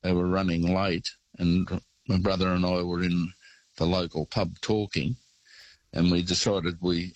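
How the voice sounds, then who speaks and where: A man's voice: low voice, flat delivery, measured pace, darkish tone, no echo, low-quality recording. An older Australian man calling in to a radio show, telling rambling travel stories. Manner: rambling storyteller. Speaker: caller. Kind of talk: phone-in anecdote.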